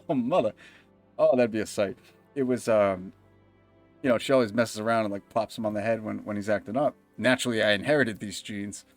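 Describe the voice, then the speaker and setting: A man's voice: lowish voice, a little fast, soft background music. A young man livestreaming a game, telling rambling, profane stories and laughing often. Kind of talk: casual chat while gaming.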